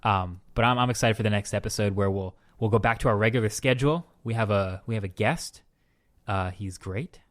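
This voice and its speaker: A man co-hosting a podcast in casual chat, animated and playful, telling stories with mock exclamations, in a hotel room. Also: on the low side, fairly quick. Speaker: podcast co-host.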